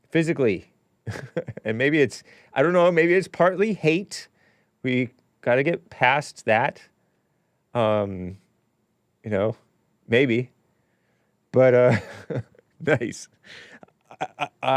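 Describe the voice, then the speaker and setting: Male talk show host, unhurried, rambling, dry close sound. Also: medium pitch, smooth, no room sound. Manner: rambling, musing, offhand asides. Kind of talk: casual livestream monologue.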